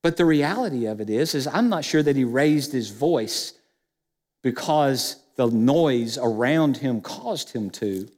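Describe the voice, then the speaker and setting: A man's voice: medium pitch, expressive, a little slow, darkish tone, in a large hall. A man preaching a sermon as pastor, speaking emphatically and putting questions straight to the congregation. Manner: emphatic, addresses the church directly with questions. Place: church sanctuary.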